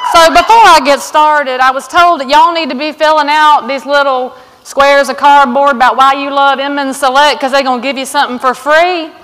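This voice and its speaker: A woman's voice: high-pitched, fairly even intonation, moderate pace, a bit bright, a faint crowd, a little hiss or hum. A blunt, outspoken woman with a Southern accent giving a fiery keynote at a conference. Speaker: conference speaker. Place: large conference hall. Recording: long hall reverb from stage.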